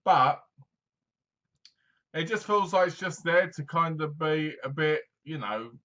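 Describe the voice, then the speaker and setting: A man talks through a film review in a loose, rambling way, with plenty of fillers. His voice sits a little high and sounds sharp and bright. The recording is dull and lo-fi. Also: slow pace. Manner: rambling, chatty, full of fillers. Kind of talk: casual movie review.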